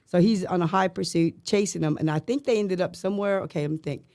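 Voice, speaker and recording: A woman's voice: fairly low pitch, quick pace, no echo, clean studio sound. A middle-aged woman, a guest on a podcast, telling a long anecdote and mimicking the sounds in it. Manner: lively storyteller who mimics sounds and voices. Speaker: guest, surviving spouse of an officer.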